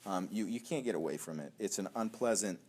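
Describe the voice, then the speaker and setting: A man preaching as a young adults pastor, telling stories in a chatty, animated way with laughter. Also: sits low, a little fast. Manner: conversational, animated storytelling with laughs and acted voices. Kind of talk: sermon teaching.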